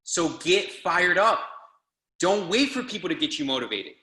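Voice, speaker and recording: A man's voice: high-pitched, animated, normal speed, sharp tone, roomy sound. A man giving a motivational speech to a group call as a business trainer, exhorting and hammering the same phrases again and again. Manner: fired-up, hammering repetition, exhorting.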